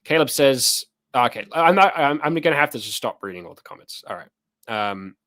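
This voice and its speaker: A New man hosts a laid-back live chat. His delivery is loose and teasing, full of fillers and self-corrections. His voice sits at an average pitch for a man. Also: expressive, normal speed, fairly bright tone. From New Zealand. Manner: loose, joking, with many fillers and restarts. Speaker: host. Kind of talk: casual livestream chat reading comments.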